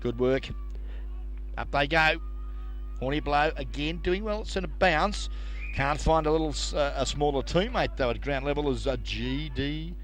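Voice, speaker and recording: A man's voice: a little high, normal speed, a bit bright. An Australian man co-commentating a country football match, chatty and opinionated about the play.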